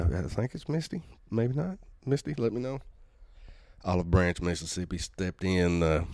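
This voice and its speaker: A man hosting a podcast, reading out listener shoutouts in a laid-back, rambling, self-deprecating way. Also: rumbling low, creaky, no echo, clean studio sound. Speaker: podcast host. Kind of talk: casual solo shoutout monologue. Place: at home.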